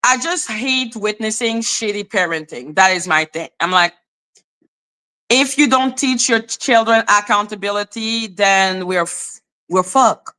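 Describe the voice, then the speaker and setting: A woman's voice: medium pitch, unhurried, pushed and bright. A woman hosting a casual livestream commentary, a former teacher talking bluntly and swearing freely as she rants. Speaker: live commentary channel host.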